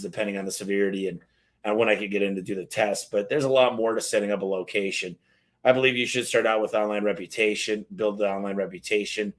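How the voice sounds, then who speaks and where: A man's voice: on the low side, a bit bright. Chatty man hosting a live Q&A. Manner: loose, chatty, swears casually, reads lists aloud. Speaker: host answering live questions. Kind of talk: casual live Q&A.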